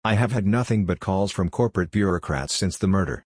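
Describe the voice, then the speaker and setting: A man's voice: sits low, lively intonation, brisk, darkish tone, husky, no echo, clean studio sound. A man voicing a tall, thin female police constable with an Indian accent, formal and matter-of-fact, in an audiobook. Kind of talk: audiobook character voice.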